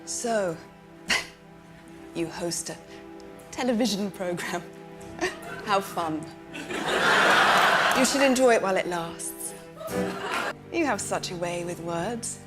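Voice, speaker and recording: A woman's voice: fairly low pitch, animated, slow pace, pauses often, loud music behind the voice. An actress playing a cold, scheming royal woman in a television drama, speaking in a silkily threatening, mocking way. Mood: icy mockery. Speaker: TV drama character.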